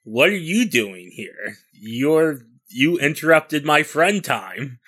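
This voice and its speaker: A man's voice: fairly high pitch, big pitch swings, takes it slowly, sharp tone, no echo, voice pushed up, heavily acted. A man voicing Benicio, a nightling creature who talks back bluntly and flippantly.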